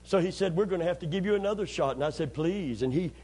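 A man's voice: high voice, quick pace, breathy edge. A man preaching a sermon, telling stories in a folksy, humorous way and prompting the congregation to answer back. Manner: lively storytelling, asks the congregation to answer. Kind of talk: sermon with call and response.

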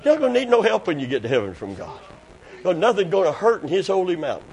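High-voiced preacher, soft to shouting. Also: male voice, big pitch swings, quick pace, rough recording. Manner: swings between quiet intimate talk and shouted praise, speaking in tongues. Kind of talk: sermon.

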